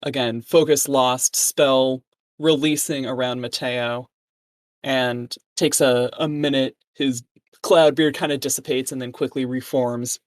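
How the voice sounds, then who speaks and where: Woman game master, relaxed narration, close dry mic. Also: a bass voice, a little slow, no echo. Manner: relaxed, loose narration with fillers.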